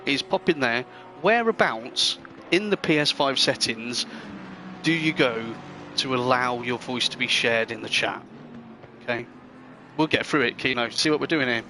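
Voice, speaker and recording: A man's voice: mid-range voice, lively intonation, moderate pace, bright, forceful tone, a little hiss or hum. A man hosting a sim racing live stream, chatting casually and rambling with viewers. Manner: chatty, rambling, friendly banter with chat. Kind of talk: live stream commentary chat.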